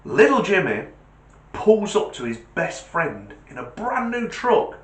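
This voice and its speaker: A man with a British accent hosting a comedy channel, telling jokes as an animated storyteller who laughs at his own punchlines. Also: sits high, unhurried. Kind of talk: joke telling. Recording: roomy echo.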